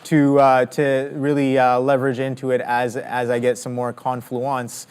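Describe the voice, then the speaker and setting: A man's voice: mid-range voice, monotone, normal speed, darkish tone, clear, resonant tone. Rambling male trading co-host. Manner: rambling, lots of fillers while explaining trades. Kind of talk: live trading commentary.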